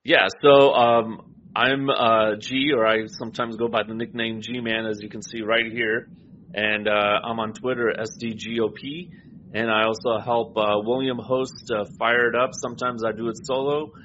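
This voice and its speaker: A man's voice: medium pitch, flat delivery, normal speed, fairly bright tone, dull audio, a little hiss or hum. A man guesting on a political podcast, speaking hesitantly with many fillers. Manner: hesitant, filler-heavy talk. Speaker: guest co-host.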